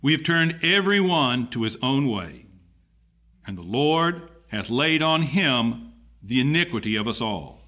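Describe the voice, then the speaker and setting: A man solemnly reading scripture aloud in church while the congregation answers. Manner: measured, dramatic reading with lively pitch. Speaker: scripture reader. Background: congregation answering amen.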